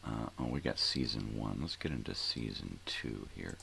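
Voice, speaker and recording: A man's voice: extremely low pitch, moderate pace, vocal fry, noisy background. An older man hosting a casual morning show, rambling and thinking aloud, often trailing off into mumbles. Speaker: host.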